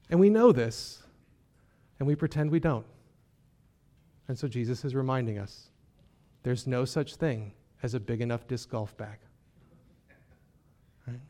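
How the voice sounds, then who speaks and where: Pastor, male, slightly raised pitch, lively and conversational delivery, teaching from scripture. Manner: conversational preaching, frequent rhetorical "Right?". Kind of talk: sermon.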